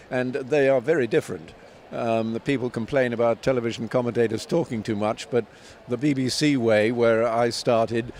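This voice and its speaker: Older man, measured and anecdotal. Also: medium pitch, a little mellow, slight background noise. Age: 70s. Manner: measured, anecdotal, with frequent ums and restarts. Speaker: tennis commentator and author, guest. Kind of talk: reflective interview answers.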